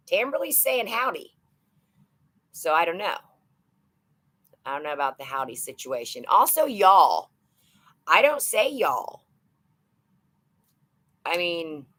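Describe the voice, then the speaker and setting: A woman's voice: on the low side, a bit bright. A woman in her thirties hosting a casual live stream, chatty and playful as she greets viewers by name. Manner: chatty and playful, rambling with fillers. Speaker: live-stream host of a shopping channel.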